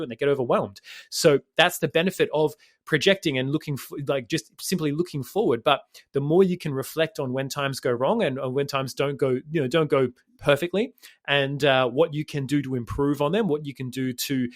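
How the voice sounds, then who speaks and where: A man co-hosting a podcast as a fitness coach, rambling quickly and swearing casually. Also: fairly high pitch, dry recording, studio quality. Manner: fast, rambling, swears casually, says mate.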